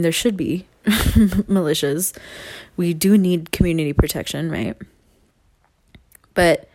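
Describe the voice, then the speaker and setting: A woman's voice: on the low side, a little mellow, no room sound, studio quality. A young woman talking straight to her viewers in a rambling, earnest way, laughing often and swearing casually. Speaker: vlogger.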